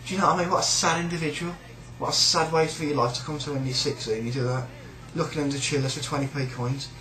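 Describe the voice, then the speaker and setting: A man's voice: on the high side, steady tone, fast talker, reverberant, music in the background, low-quality recording. A man with a British accent ranting in a sneering, rambling, sweary way about a coworker. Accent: British English. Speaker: shop worker. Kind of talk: casual rant.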